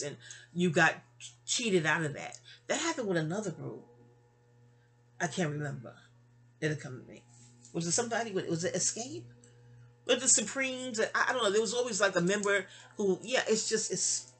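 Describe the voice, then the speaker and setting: This woman is a vlogger from New York City, her voice on the low side, a bit bright, with a breathy edge. Sounding sleepy, she rambles through a lengthy personal anecdote in a chatty, casual way, with frequent restarts and asides.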